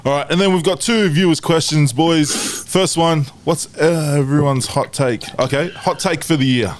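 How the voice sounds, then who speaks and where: A man with an Australian accent hosting a casual podcast, lively and quick to laugh. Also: a little high. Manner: lively, laughs often, runs the segments. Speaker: podcast host. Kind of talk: casual chat. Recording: noisy call audio.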